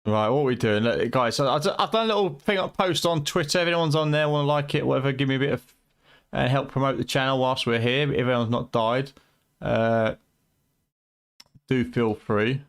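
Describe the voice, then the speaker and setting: A man with a British accent hosts a late-night game stream from home, bantering with his chat and swearing freely. His voice sounds tired and worn from the long night, sitting at an ordinary middle pitch. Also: moderate pace. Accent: British English. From United Kingdom. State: tired, voice going.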